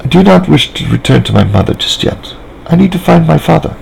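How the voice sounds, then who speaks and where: A man reading a story aloud, voicing a serious young girl who speaks in a measured, formal way. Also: fairly high pitch, big pitch swings, gravelly, darkish tone, a little hiss or hum, voice pushed up, exaggerated voice, rough recording. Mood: composed. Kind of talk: fan fiction reading aloud.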